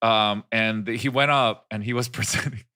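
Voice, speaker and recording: A man chatting casually as host of a stream, animated and laughing often while he acts out accents. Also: on the low side, normal speed, clean tone. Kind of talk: casual chat about accents.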